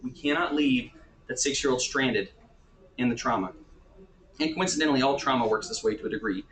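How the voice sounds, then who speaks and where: A man's voice: mid-range voice, brisk, fairly bright tone, roomy sound, poor audio. A man who works as a therapist, teaching in a casual, conversational way and often checking in with his listeners.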